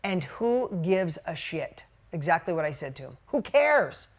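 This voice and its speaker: A man giving a motivational talk to a group, telling stories bluntly and casually, dropping to a hush and then rising loud and high when excited. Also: moderate pace. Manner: emphatic storytelling, casual and blunt. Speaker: motivational speaker.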